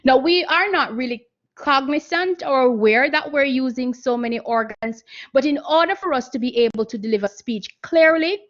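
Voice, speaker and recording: A woman giving an online seminar lecture on speech and voice training, explaining slowly with frequent fillers. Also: high-pitched, a bit bright, highs cut off. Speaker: guest speaker on voice training.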